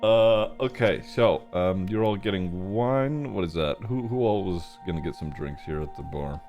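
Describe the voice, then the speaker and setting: A man running a tabletop game as dungeon master, narrating haltingly with many fillers. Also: low voice, dull audio, soft background music. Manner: halting, filler-heavy narration, often laughing.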